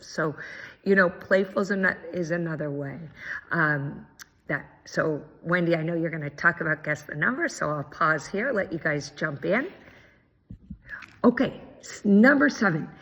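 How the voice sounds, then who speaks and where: A woman's voice: on the low side, lively intonation, normal speed, creaky, fairly bright tone. A woman mediator giving an earnest, encouraging training talk, with frequent ums. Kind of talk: prerecorded presentation. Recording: dull, lo-fi audio with long reverb.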